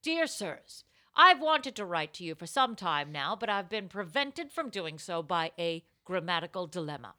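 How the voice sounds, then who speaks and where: A woman's voice: lowish voice, normal speed, few pauses. A woman co-hosting a comedy podcast, chatting playfully, laughing often and reading a listener letter aloud. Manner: animated, laughs often, jumps into silly voices. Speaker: podcast co-host.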